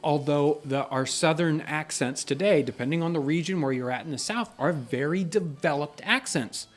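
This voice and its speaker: A man's voice: a little high, moderate pace. A middle-aged man hosting a casual question-and-answer chat, explaining things earnestly and reading out viewer questions. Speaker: channel host.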